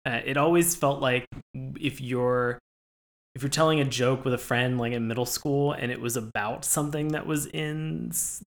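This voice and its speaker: A man with a gravelly, creaky voice hosts a casual podcast chat. He rambles on in a playful, animated way. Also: medium pitch, normal speed. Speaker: podcast host.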